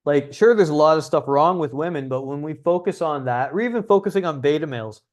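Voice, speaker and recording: Young guy ranting on a livestream, swears a lot, kinda high voice. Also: fast talker. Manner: casual, blunt, profane. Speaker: dating coach. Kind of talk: livestream talk.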